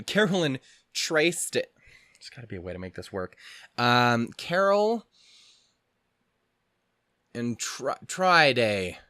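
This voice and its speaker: A man's voice: medium pitch, fairly bright tone, no echo, studio quality. Rambling, foul-mouthed young man. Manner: rambling, heavy swearing, self-deprecating, giggly. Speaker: anime reaction channel host. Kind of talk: casual chat.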